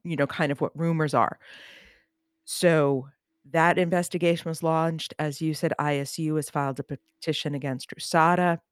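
A woman's voice: sits low, no echo, clean studio sound. A woman co-hosting a casual sports chat show, giving sarcastic, opinionated commentary. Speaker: podcast co-host. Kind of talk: casual chat about Olympic news.

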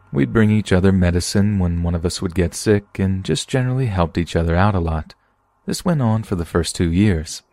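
A man narrating a submitted first-person story in a steady, measured podcast reading. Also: deep voice, dry recording. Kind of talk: scripted horror story narration.

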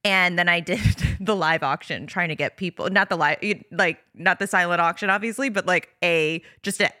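A woman's voice: lowish voice, moderate pace, sharp tone, no echo, studio quality. A woman hosting a podcast in casual chat, talking in a chatty, rambling way and laughing often. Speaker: podcast host.

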